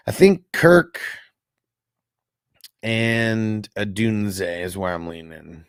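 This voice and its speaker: A man's voice: low voice, animated, extremely slow, gravelly, smooth, no room sound, clean studio sound. A young man hosting a casual livestream, reading out chat comments in a loose, rambling way and swearing freely. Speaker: host.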